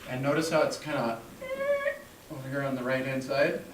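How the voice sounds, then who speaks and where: A man's voice: medium pitch, fairly even intonation, moderate pace, far from the mic. A male teacher in a classroom, patiently explaining step by step and calling on students. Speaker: Hebrew teacher. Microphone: room mic from a distance. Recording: echoey classroom, recorded from afar, faint hum.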